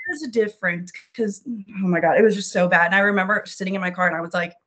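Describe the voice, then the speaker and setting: A woman from New Orleans chatting casually on a podcast, animated, swearing freely and acting out her own reactions as she talks. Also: lowish voice, quick pace.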